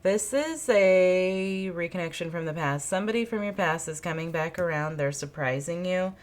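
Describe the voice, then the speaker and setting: A woman speaks at normal speed in a fairly low pitch as she gives an intuitive tarot reading. She muses aloud, repeats phrases, and asks spirit questions while pulling cards, with card shuffling clicks in the background.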